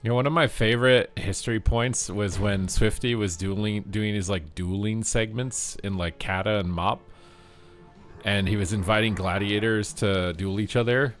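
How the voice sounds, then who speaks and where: Man gamer, lowish bright voice, loose jokey commentary, faint music under it. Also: fairly even intonation, normal speed. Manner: jokey, swears, chatty asides to viewers. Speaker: game streamer. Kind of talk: casual live gameplay commentary.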